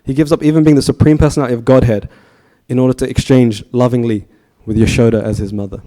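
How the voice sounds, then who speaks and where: In a temple talk, a thirtyish man tells stories sermon-style, chatting easily and quizzing his listeners. He talks fast in a mellow, mid-range voice with fairly even intonation.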